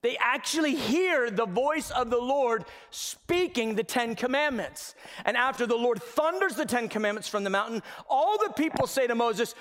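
A man preaching a sermon as pastor, telling a Bible story with animated delivery and acted-out voices and shouts. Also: extremely high pitch, moderate pace, hardly any pauses, big-room sound. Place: church sanctuary.

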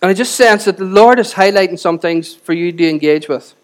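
A man preaching a sermon to a church congregation, swinging between loud exhortation and quiet, close moments, and often asking the audience rhetorical questions. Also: sits high, fairly quick. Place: church service.

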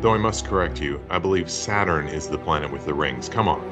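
A man's voice: extremely low pitch, fairly quick, music in the background. A man co-hosting a podcast, moving between a comedy skit and a guest interview with dry, pedantic asides. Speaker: podcast co-host.

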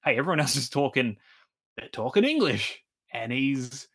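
A man co-hosting a podcast, chatting casually about a film, laughing often and trailing off quieter mid-thought. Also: medium pitch, animated, moderate pace, breathy edge. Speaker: podcast co-host. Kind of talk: casual film review chat.

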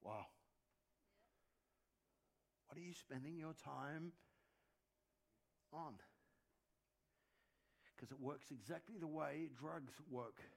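Male pastor, fairly high voice, conversational sermon delivery with stacked repeats for emphasis. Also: creaky. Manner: conversational preaching with quick asides and dad jokes; repeats words when building emphasis.

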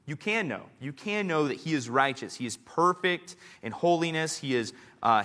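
A male pastor delivers a sermon to his church family in a bright, forceful voice. He speaks earnestly and slows his pace to press home each line of scripture. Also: fairly high pitch.

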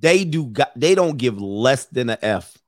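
A man's voice: medium pitch, animated, measured pace, dry recording. Blunt, dry-voiced man reacting to a clip. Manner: blunt, profane, addresses viewers as gentlemen. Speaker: reaction video commentator. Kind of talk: casual reaction commentary.

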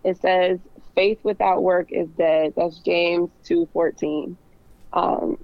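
A woman's voice: on the low side, level tone, slow, vocal fry, no room sound, narrow, tinny audio. A woman fashion designer, a podcast guest joining remotely, talking earnestly with many fillers. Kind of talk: casual interview chat. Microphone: remote call, not in the studio.

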